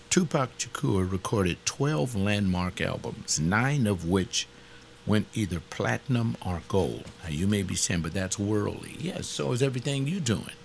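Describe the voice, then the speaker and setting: Man, Bible teacher, emphatic and rambling, rough fry in the voice, faint background noise. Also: low-pitched. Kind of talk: informal teaching talk.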